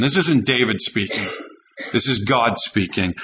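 A man's voice: fairly low pitch, normal speed, sharp tone, muffled recording, a little hiss or hum. A male pastor preaching a sermon with an emphatic, repetitive cadence.

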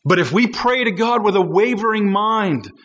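A man's voice: high-pitched, expressive, normal speed, fairly bright tone, muffled recording. A man preaching a sermon, emphatic and driving home his points with repeated rhetorical questions.

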